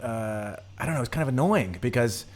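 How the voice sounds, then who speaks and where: A man's voice: mid-range voice, animated, brisk. American guy guesting on a podcast, rambly and easygoing. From United States. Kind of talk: casual podcast chat.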